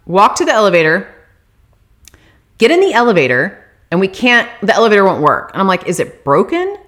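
A woman telling a story on her vlog in a casual, animated and exasperated way, swearing freely. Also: on the low side.

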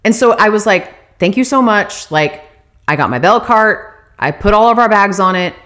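A woman's voice: medium pitch, expressive, moderate pace, fairly bright tone. A woman telling her viewers a story in a casual, profane, exasperated rant.

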